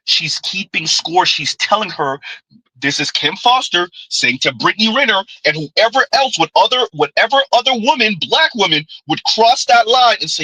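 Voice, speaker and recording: Male reaction host, emphatic and repetitive, bright forceful tone with a husky edge. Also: high voice, lively intonation, normal speed, no room sound, rough recording. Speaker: commentary channel host. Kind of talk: reaction commentary on clips.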